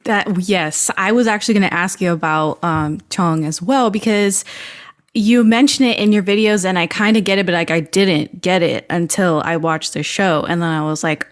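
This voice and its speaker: A woman's voice: on the low side, moderate pace. A woman hosting a podcast, chatting freely with lots of "like" fillers and acting out her own inner thoughts as quotes. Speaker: podcast host. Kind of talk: casual podcast chat.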